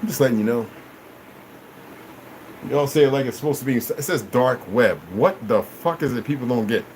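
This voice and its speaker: A man's voice: medium pitch, normal speed, a little hiss or hum, low-quality recording. Profane man ranting on a livestream. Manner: profane, swings between loud outbursts and mutters. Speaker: livestream host. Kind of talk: rambling livestream rant.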